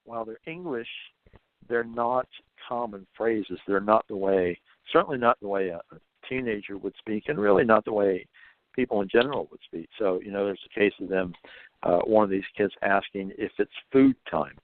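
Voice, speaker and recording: Over a dry, phone-like line with no room sound, a man who writes about paranormal folklore guests on a casual podcast interview. He's thoughtful yet frequently stumbles and repeats words, speaking at normal speed in an animated, lowish voice.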